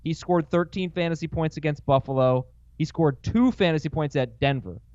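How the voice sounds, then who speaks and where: A man hosting a casual sports chat show in a studio, quick and questioning as he steers his panel. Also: a little high, a little mellow, dry recording, dull audio. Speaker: show host.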